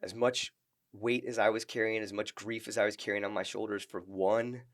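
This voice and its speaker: A middle-aged man, a retired Marine, telling stories as a podcast guest in a halting, earnest way with many restarts. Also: lowish voice, little pitch movement. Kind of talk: casual interview storytelling.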